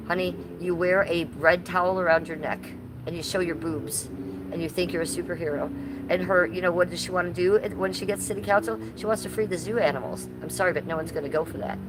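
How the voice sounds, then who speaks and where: A woman's voice: on the low side, steady tone, a little fast, noisy background. Blunt, ranting woman live streamer. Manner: blunt, profane, ranting, answers chat. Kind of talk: casual live-stream commentary.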